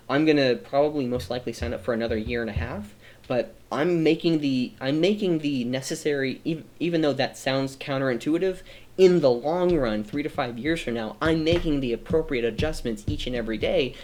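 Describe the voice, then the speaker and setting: A man's voice: medium pitch, a little mellow. A man streaming a reflective personal monologue, earnest and rambling, often restarting his sentences, emotional and near tears. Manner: earnest, rambling, self-correcting.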